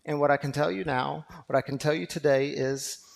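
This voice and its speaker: A man, pastor of a recovery community, preaching a sermon that moves from quiet storytelling to loud, fervent exhortation. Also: fairly high pitch, steady tone, fairly quick, vocal fry.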